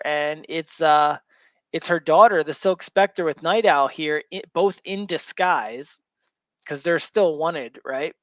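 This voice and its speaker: A man's voice: a little high, dry recording, muffled recording. A man hosting a show, casually retelling a story to a co-host in a loose, rambling way full of fillers. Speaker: show host recapping a comic.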